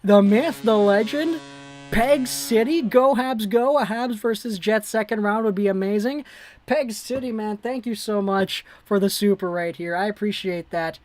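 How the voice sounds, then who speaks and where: A woman hosting a fan livestream, giving live play-by-play that swings between hushed worry and excited shouting. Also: medium pitch, moderate pace. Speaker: livestream host.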